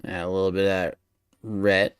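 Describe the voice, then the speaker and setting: A man's voice: low-pitched, flat delivery, moderate pace, clear, resonant tone, no room sound, clean studio sound. A man streaming as he draws, chatting casually and thinking aloud, often muttering to himself in a playful way. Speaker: streamer drawing live. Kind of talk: casual chat while drawing.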